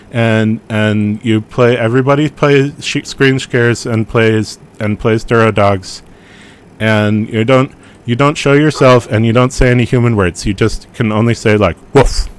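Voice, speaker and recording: A man hosting a livestream, chatting in a rambling, playful way and often repeating himself. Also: medium pitch. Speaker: livestream host.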